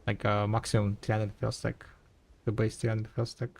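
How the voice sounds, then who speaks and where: A man's voice: on the low side, monotone, normal speed, gravelly. A man live-streaming a game, chatting casually and thinking aloud, rambling and correcting himself as he goes. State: tired, yawning. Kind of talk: casual live-stream chat while playing.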